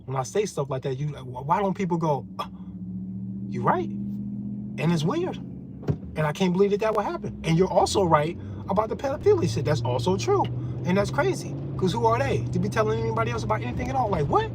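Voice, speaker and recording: A man's voice: high-pitched, big pitch swings, fast talker, noisy background. A man giving a profane, confrontational rant as a vlogger. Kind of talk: ranting monologue.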